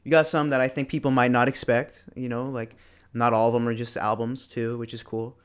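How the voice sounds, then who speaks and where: A man's voice: mid-range voice, little pitch movement, brisk, clear, resonant tone. A young man co-hosting a podcast livestream, chatting casually with laid-back slang and answering viewers' chat. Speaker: podcast co-host.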